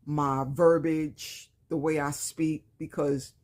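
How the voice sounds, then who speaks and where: A woman in her fifties from Brooklyn, New York, with a Brooklyn accent and a rough, slightly raspy voice, chatting casually to viewers about a shopping haul in a plain-spoken way with slang. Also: low-pitched, flat delivery, slow, darkish tone. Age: 50s. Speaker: lifestyle vlogger.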